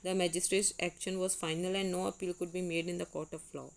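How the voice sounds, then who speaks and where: A woman's voice: lowish voice, level tone, quick pace, vocal fry, poor audio. A woman with an Indian English accent gives an exam-prep lecture, reading quiz statements aloud and explaining them, with Hindi asides mixed in and frequent restarts on words. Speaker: teacher.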